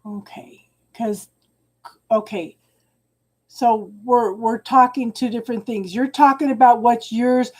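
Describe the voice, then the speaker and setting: Talking straight to her viewers, a woman reads tarot cards on a live stream in a soft, mellow voice that sits a little high. Her tone is steady and her pace slow, and she frequently restarts phrases and calls people hun.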